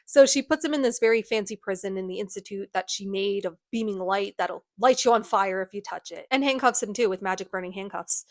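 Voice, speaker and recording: A woman's voice: medium pitch, fairly quick, few pauses, no room sound, clean studio sound. A woman giving a casual, comedic book recap, sarcastic and profane with chatty asides. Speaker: book youtuber. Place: indoors at home.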